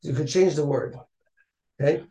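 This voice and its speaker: A man with a somewhat high voice leads a casual study class. He chants Hebrew passages in Ashkenazi pronunciation and then explains them in everyday English. The room is echoey. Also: moderate pace, warm tone. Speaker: teacher of a text-study class.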